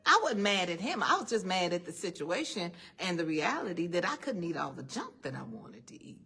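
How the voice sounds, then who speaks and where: A woman's voice: on the low side, big pitch swings, brisk, sharp tone, breathy edge, faint music behind. A woman giving an emphatic, faith-based motivational talk to a live audience, firing off rhetorical questions and calling listeners "honey". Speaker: speaker addressing a live and online audience. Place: event room with an audience.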